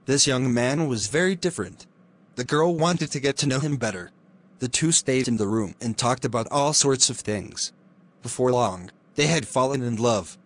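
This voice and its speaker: A man narrating a classic fairy tale in a steady, clear reading voice. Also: medium pitch, moderate pace. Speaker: storyteller.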